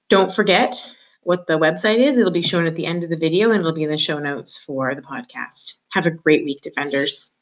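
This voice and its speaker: A woman teacher reading a children's book aloud to her students in a clear, expressive, measured way. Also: fairly low pitch, rough recording.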